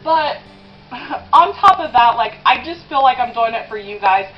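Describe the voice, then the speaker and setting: A young woman in her twenties rambles through a confessional vlog while eating, leaning on "um" and "like" and close to tears at times. Her voice sits a little high. The home video sound is a bit muffled, with faint music underneath. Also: brisk. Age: 20s. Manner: rambling, with many "um" and "like" fillers. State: tearful at times. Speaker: vlogger.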